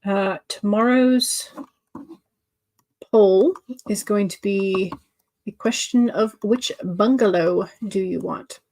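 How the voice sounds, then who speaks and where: A woman's voice: mid-range voice, slow, a little mellow. A woman hosting a writing-sprint livestream, chatting casually and answering viewer comments with many fillers and restarts.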